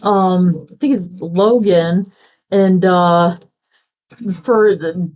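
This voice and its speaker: Slow-talking, low-voiced woman chatting. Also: darkish tone. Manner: chatty, rambling, acts out quoted dialogue. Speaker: crafting vlogger. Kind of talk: casual chat while crafting.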